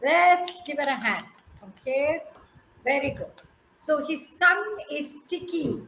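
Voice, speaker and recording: A woman's voice: sits high, lively intonation, measured pace, a bit bright, echoey room, rough recording. A woman with an Indian English accent telling a story to a class, coaxing answers and praising listeners by name. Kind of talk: interactive storytelling with questions to listeners.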